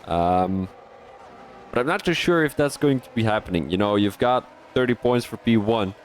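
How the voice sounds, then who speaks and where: Man, sim-race streamer-commentator, excitable, trips over his words, faint hiss behind. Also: on the low side, normal speed. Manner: excitable, rising sharply at overtakes, many restarts. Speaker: sim racing league commentator.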